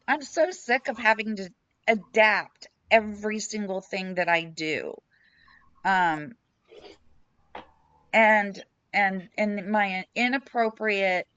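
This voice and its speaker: A woman's voice: mid-range voice, a bit bright, smooth, dry recording. A woman sharing her story frankly and emotionally in a group chat, blunt and self-deprecating, speaking from home over a video call. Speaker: support group member. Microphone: computer mic on a video call. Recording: slightly dull video call audio.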